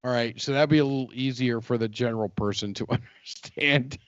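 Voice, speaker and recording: A man's voice: medium pitch, brisk, dull audio. A man co-hosting a podcast in casual chat, rambling, joking and swearing freely. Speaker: podcast co-host.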